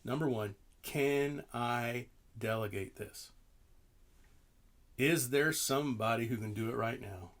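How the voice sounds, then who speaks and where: A middle-aged man coaching on leadership in a podcast, with an easy, conversational voice at an ordinary pitch. He tells stories from his work, turns emphatic when he drives a point home, and laughs now and then. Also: slow pace, fairly bright tone. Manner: casual, storytelling, emphatic, laughs often. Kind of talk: motivational podcast talk.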